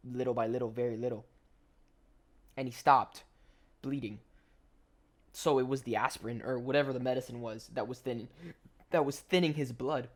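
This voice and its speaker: Rambling young man telling a story. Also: medium pitch. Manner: rambling, slangy, full of "like" and restarts. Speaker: gaming commentator. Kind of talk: casual storytelling over gameplay.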